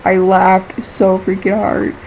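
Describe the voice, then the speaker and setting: A woman's voice: mid-range voice, monotone, gravelly, a little mellow, a little hiss or hum, poor audio. A teenage girl vlogging in a rambling, casual way, filling her talk with "like" and laughing easily. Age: teens. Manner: chatty and scattered, fills every pause with "like", laughs easily.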